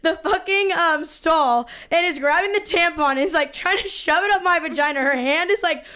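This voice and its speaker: A woman in her twenties co-hosting a podcast and telling a story in a casual, animated way, swearing freely and acting out quotes. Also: extremely high pitch, moderate pace. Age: 20s. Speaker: podcast co-host.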